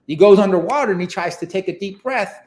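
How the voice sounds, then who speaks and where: A man's voice: high voice, fast, darkish tone, reverberant, a little hiss or hum. A man telling a story in a casual, rambling way, full of fillers, as a podcast guest. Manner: rambling, many fillers like "like" and "you know".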